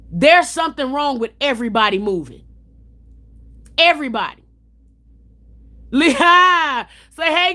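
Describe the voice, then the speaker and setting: A woman's voice: sits high, sharp tone. A woman hosting a livestream, chatting casually and telling stories bluntly, with plenty of swearing. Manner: blunt, profane, storytelling. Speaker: livestream host.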